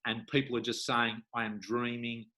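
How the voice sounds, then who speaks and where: Middle-aged male hypnotherapist guest, bright tone, animated anecdote teller. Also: moderate pace. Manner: animated storyteller, acts out voices with big pitch jumps. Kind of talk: conversational interview.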